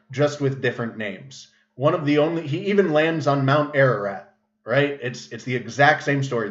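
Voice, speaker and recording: In an echoey room with dull, lo-fi audio, a show host talks through a casual livestream monologue. His medium-pitched voice rambles along with frequent fillers and restarts.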